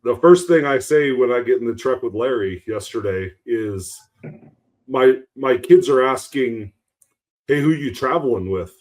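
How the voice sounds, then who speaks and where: Man, podcast co-host, earnest, rambling, mid-pitched voice. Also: measured pace, a little mellow. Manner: earnest, rambling, with many restarts. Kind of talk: casual podcast storytelling.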